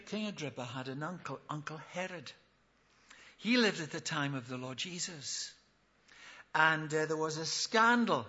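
Male preacher, bright and high, impassioned sermon delivery, muffled lo-fi sound. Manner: impassioned, swings from loud appeals to hushed tones; acts out biblical speakers in quoted voices. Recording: dull lo-fi recording.

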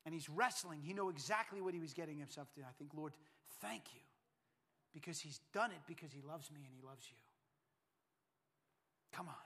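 A man with a high voice delivers a sermon. He drops to near-hushed tones, then climbs back to loud, emphatic lines, often repeating words as he builds. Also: a little fast. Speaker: pastor.

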